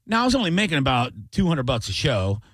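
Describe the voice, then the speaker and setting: A middle-aged man and comedian telling a long story on a radio talk show, acting out voices with loud, high bursts. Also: sing-song, quick pace, no room sound. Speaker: comedian guest.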